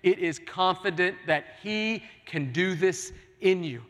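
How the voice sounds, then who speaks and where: A man's voice: high voice, a little slow, fairly bright tone. A man preaching a sermon as pastor, earnest and pleading with his congregation in a large church. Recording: long hall reverb.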